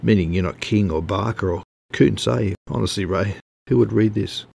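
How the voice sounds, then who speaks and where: A man's voice: on the low side, moderate pace, gravelly, darkish tone, breathy edge, exaggerated voice. A man voicing a smug male magazine editor who lectures a writer over the phone. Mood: smug lecturing.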